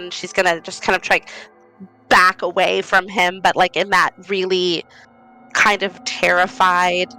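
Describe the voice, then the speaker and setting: A woman's voice: fairly low pitch, bright, forceful tone, clear, resonant tone, low-quality recording. A woman playing a tabletop game who describes her character's actions in a hesitant, thoughtful way, with faint music behind. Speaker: player. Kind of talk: tabletop roleplay narration.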